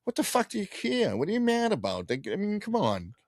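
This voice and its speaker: Animated, swearing podcast storyteller man. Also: sits high, fairly quick, no room sound. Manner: animated storyteller, profane, laughs often. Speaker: podcast co-host. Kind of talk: casual sports chat.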